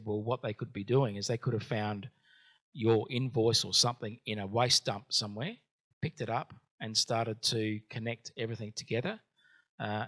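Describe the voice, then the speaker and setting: Aussie guy hosting a business breakfast, lots of ums, bright sharp voice. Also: mid-range voice. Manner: hesitant, many ums and uhs. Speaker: event host. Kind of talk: hosting a business workshop, personal anecdote.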